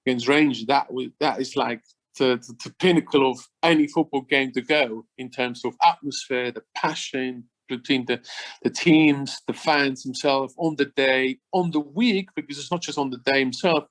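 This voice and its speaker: A former footballer from Switzerland, middle-aged, chats enthusiastically as an interview guest in a casual conversation. His voice is medium-pitched and a bit bright, his pace moderate, and he repeats words and uses non-native phrasing.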